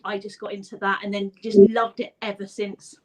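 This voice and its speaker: A woman's voice: medium pitch, flat delivery, normal speed, a little mellow, rough recording. A young woman, chatting as a guest about paranormal investigating. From southern England. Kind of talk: casual chat over video call.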